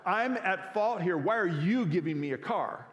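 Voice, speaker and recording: A man preaching, voicing a startled young man in a story, higher and louder than his plain talk. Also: expressive, normal speed, reverberant, long reverb tail. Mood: astonished.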